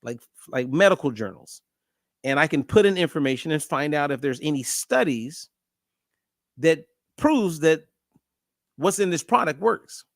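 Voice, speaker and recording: A man's voice: a little high, unhurried, no echo, clean studio sound. A middle-aged man hosting a casual monologue, telling a story and acting out the dialogue. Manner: animated storyteller, acts out dialogue. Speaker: host.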